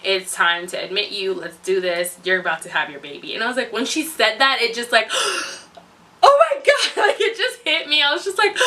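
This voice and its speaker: A young woman telling a personal story in a casual vlog, animated, laughing often and acting out what people said. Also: mid-range voice, recorded from a distance. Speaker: vlogger.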